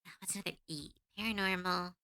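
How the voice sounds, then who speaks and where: A woman's voice: fairly low pitch, fairly even intonation, quick pace, pushed and bright, clear, resonant tone. A woman streamer chatting casually while she draws on a live stream, giggling often and musing aloud.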